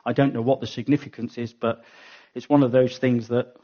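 A man's voice: medium pitch, level tone, fairly quick. A man giving a Bible teaching talk, thinking aloud and correcting himself as he goes. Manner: thinking aloud, frequent ums and self-corrections. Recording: dull lo-fi recording.

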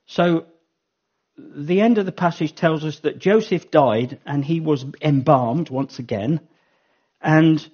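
On a dull lo-fi recording, a man with a mellow voice on the high side teaches about the Bible. He thinks as he speaks, often pausing with um and revising what he just said.

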